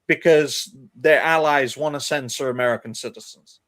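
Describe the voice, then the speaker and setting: A man's voice: mid-range voice, normal speed, a bit bright. A man hosting a casual streamed panel podcast, talking animatedly and calling the listeners folks. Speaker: podcast host.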